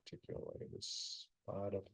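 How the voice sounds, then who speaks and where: In casual live-stream commentary, a middle-aged man solves a puzzle, muttering to himself and poking fun at its setter. He's tired and yawning, yet his voice comes across a bit bright at a normal speed.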